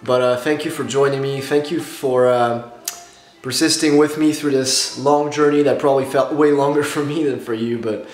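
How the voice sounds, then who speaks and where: A man talking to his viewers in a casual reaction vlog, gushing and excitable, with nervous laughs and restarts, tired after staying up all night. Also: medium pitch, normal speed. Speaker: YouTuber reacting to a film marathon. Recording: roomy echo with soft music behind.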